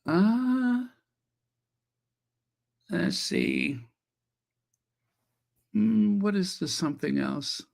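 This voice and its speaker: A man's voice: sits high, very animated, very slow, gravelly, pauses often, darkish tone. A man hosting a casual livestream, chatting and reacting to viewer messages with many fillers. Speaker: channel host.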